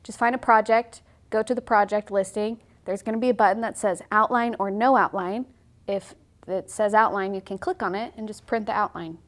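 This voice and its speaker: A woman in her thirties teaches a watercolor tutorial, speaking fairly quickly in a steady, medium-pitched voice. She's casual and chatty, often saying "like" and laughing easily.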